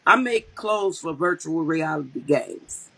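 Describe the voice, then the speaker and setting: A woman's voice: deep voice, a little slow, creaky, breathy edge, low-quality recording. A woman co-hosting a casual live-stream commentary, blunt and profane as she tells stories. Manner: blunt, profane, animated storytelling.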